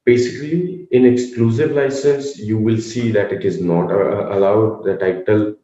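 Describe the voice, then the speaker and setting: A man's voice: lowish voice, moderate pace, warm tone. A man lecturing on intellectual property, explaining methodically with frequent fillers and self-corrections. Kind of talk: explanatory talk. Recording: dull, roomy sound.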